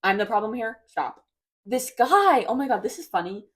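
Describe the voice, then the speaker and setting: A woman's voice: mid-range voice, fast. A woman in her twenties talking casually to her viewers, rambling and hesitant, often trailing off with "I don't know.". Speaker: vlogger. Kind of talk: casual confessional chat.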